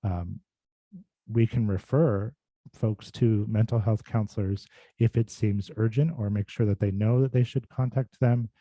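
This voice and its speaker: A man's voice: fairly low pitch, fairly even intonation, unhurried, mellow, no echo, muffled recording. A man who works as a speech and voice clinician, giving a casual, thoughtful talk full of fillers and restarts over a video call. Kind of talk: casual informal presentation.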